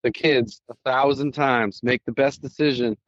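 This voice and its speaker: A man's voice: mid-range voice, fairly even intonation, moderate pace, no room sound. Storytelling male podcast host, dull dry sound. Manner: storytelling, acts out quoted dialogue. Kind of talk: casual conversation.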